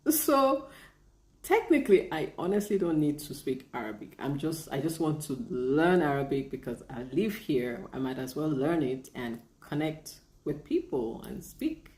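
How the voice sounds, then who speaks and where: A woman chatting casually on a live stream, reading viewer comments, laughing often and trying out halting Arabic phrases. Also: sits low, expressive, a little mellow, reverberant. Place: lives in Bahrain.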